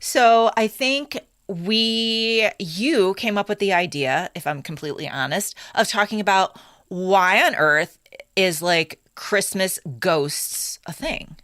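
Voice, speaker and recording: A woman's voice: medium pitch, slow pace, fairly bright tone, no room sound. A woman co-hosting a podcast in casual chat with a dry, wry manner. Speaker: podcast co-host.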